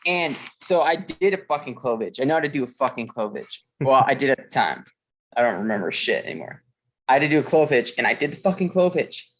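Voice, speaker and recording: A man chatting casually on a podcast, his voice sitting in an ordinary middle pitch. He tells stories in a loose, profane, rambling way, full of fillers and restarts. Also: very animated, fast talker. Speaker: podcast co-host. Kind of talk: casual chat.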